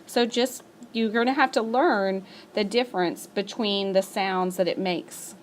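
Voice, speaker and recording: A woman teacher recording a spelling lesson as a voice-over for her class. She talks patiently and slows down to stretch out each example word. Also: mid-range voice, a little hiss or hum. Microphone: screencast voice-over.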